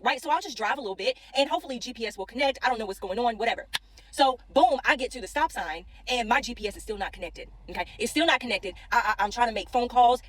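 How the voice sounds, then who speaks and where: Young woman, devotional storyteller, rapid chatty delivery with constant check-ins, slightly high voice, dry close sound. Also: fairly bright tone, dry recording. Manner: chatty, keeps checking in with the listener. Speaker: faith content creator.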